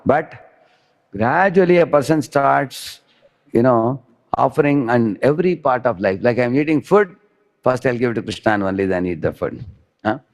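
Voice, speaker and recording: Gravelly-voiced man teaching a devotional class. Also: mid-range voice, lively intonation, moderate pace. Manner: explains with stories, asks "huh?" often. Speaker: spiritual teacher.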